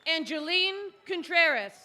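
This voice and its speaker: High, bright woman announcing graduates' names. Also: lively intonation, some chatter behind. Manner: slow, loud, deliberate name calling. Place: outdoor graduation ceremony.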